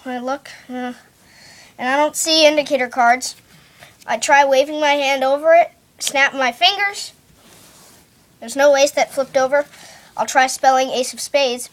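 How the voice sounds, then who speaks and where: A woman performing a card trick while telling it as a story, spelling letters out one by one in a slow, deliberate way. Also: sits high. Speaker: magician.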